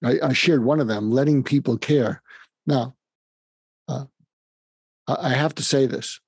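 Older male interview guest with a husky, gravelly voice. He speaks calmly and hesitantly, and the sound is dry. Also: mid-range voice, no room sound. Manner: calm, halting, with frequent pauses and fillers. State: facing terminal illness. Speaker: guest, psychiatrist and author. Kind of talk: emotional conversational interview.

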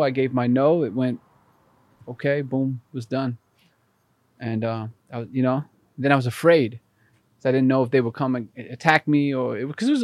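A man's voice: mid-range voice, no echo. A man guest on a podcast, telling a personal story in conversation and acting out the voices in it. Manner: animated, acts out voices in his story.

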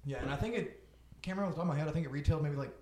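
Rapid, slightly high male co-host. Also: over a noisy crowd. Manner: eager chimer-in, quick agreements and riffs. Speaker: guest co-host. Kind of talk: casual chat.

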